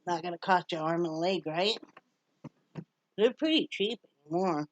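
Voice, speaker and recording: A woman's voice: lowish voice, normal speed, lo-fi sound. A middle-aged woman from Wyoming chatting casually to her camera at home. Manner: chatty, baby-talks to her dog. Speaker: vlogger.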